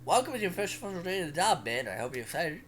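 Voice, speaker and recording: A man plays a brash military trainer who barks friendly orders. The voice is lifted in pitch and punchy. It is a game read-aloud. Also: sing-song, racing, fairly bright tone, a little hiss or hum.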